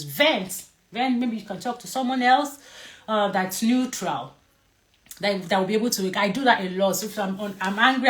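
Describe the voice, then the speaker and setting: A woman's voice: medium pitch, fairly bright tone. Playful woman teaching to camera. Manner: playful, emphatic, repeats key words; asks viewers to comment. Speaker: mental health educator.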